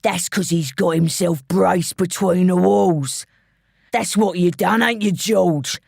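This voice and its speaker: A woman voicing a menacing male gangster with a London accent, taunting in a slow, mocking drawl. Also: lowish voice, creaky, a little mellow, no room sound, studio quality, heavily acted.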